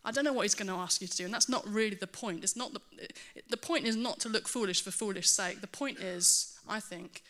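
A woman preaching a sermon to her church, earnest and animated, with self-mocking asides. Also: mid-range voice, a little fast, hardly any pauses.

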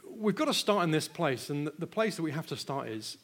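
A British man preaching a sermon in an earnest way, moving from hushed personal storytelling to loud, pressing rhetorical questions and repeating words when stirred. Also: fairly high pitch, big pitch swings, brisk.

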